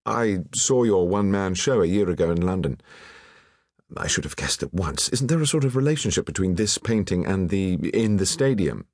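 Man voicing a diffident, stammering young gentleman. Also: low-pitched, lively intonation, moderate pace, no room sound, studio quality. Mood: eager. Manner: stammering, humble.

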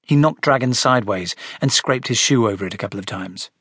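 Lively male narrator reading a children's story. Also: mid-range voice, moderate pace, hardly any pauses, husky, dry recording, clean studio sound. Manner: expressive, animated storytelling. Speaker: audiobook narrator.

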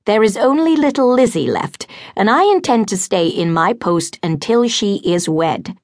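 A woman voicing a gentle older spinster governess in an audiobook, earnest and pleading. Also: mid-range voice, lively intonation, moderate pace, no room sound, clean studio sound, pitched above the performer's own voice, natural voice.

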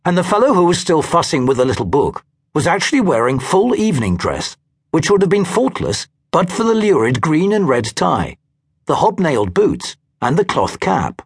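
A man narrating a science fiction audiobook with a dry storytelling manner. His voice is husky and sits a touch high. It moves through a lively pitch range. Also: normal speed.

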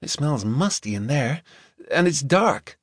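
A woman's voice: big pitch swings, no room sound, clean studio sound, exaggerated voice. A man voicing a blunt young American woman. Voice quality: deeper and slower than expected. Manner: blunt, matter-of-fact. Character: blunt young woman, tired, soaked niece. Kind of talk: audiobook character voice.

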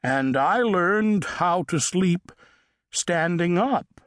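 Mild old man with dry humor, unhurried and soft-spoken, as an audiobook narrator puts him on in a children's storybook. Close, dry studio sound. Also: sits high, animated, no echo, full character voice. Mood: wry. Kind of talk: audiobook character voice.

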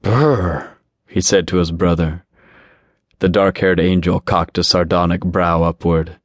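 Male narrator, deep voice, flat even delivery, dry close sound, audiobook reading. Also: measured pace, dry recording. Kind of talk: scripted narration.

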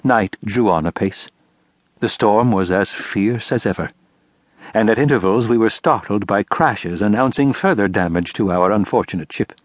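Measured male audiobook narrator. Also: on the low side, no room sound, clean studio sound. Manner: measured, expressive storytelling. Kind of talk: scripted narration.

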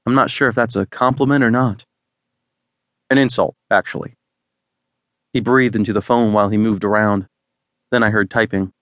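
Man narrating an audiobook, low pitch, wry and deadpan, dry close-mic studio sound. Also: brisk, no echo. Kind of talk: scripted first-person narration.

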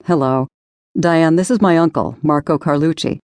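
A woman's voice: sits low, normal speed, darkish tone, dry recording. A woman voicing a charming young male singer who talks in an easygoing, slightly sheepish way.

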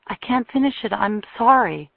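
A woman's voice: mid-range voice, expressive, moderate pace, creaky, dry recording, pitched above the performer's own voice. A woman narrator voicing an exhausted young woman violinist who speaks weakly and apologetically. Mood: pleading. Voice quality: weak, apologetic. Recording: thin phone-like dry sound.

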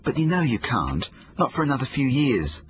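A man voicing a gentle, distracted, worried mother. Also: medium pitch, big pitch swings, moderate pace, husky, muffled recording, voice pushed up.

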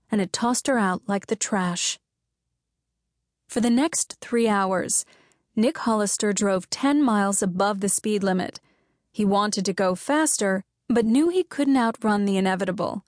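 A woman narrating a contemporary romance audiobook in a measured storytelling voice. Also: medium pitch, a little mellow, no echo, clean studio sound. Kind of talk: scripted narration.

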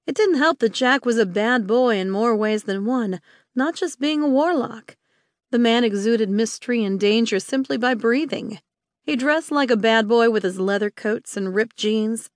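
A woman's voice: fairly high pitch, moderate pace, no echo. Woman reading an audiobook, dry studio sound. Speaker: audiobook narrator. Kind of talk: scripted audiobook narration.

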